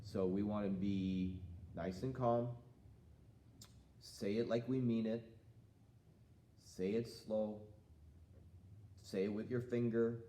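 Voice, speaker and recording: A man teaching a children's jiu-jitsu lesson in a calm, patient way, asking the student questions. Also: lowish voice, takes it slowly, long pauses, reverberant. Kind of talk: live-streamed kids' lesson. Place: martial arts school.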